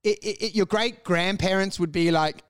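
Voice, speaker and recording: A man's voice: sits high, steady tone, fairly quick, clean tone. A man with an Australian accent in casual comedic chat, swearing freely and laughing through his jokes.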